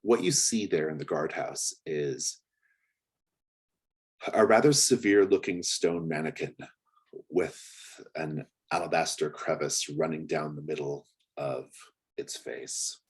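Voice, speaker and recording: A man's voice: very deep voice, slow pace, husky. A man narrating as game master of a tabletop game, describing scenes in a hesitant way with many fillers.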